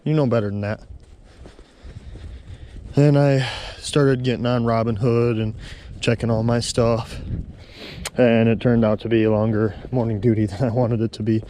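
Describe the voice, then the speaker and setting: A man's voice: medium pitch, level tone, normal speed, long pauses, mellow, slight background noise. A man in his thirties on a walk outdoors, telling a heartfelt, rambling story about his day. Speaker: vlogger. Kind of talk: casual walking vlog. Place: outdoors on a snowy trail walk.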